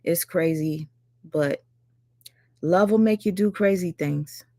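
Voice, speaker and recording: A woman's voice: fairly low pitch, takes it slowly, mellow, no room sound, clean studio sound. A woman chatting casually and candidly as a reaction streamer, swearing freely as she talks. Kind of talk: casual chat.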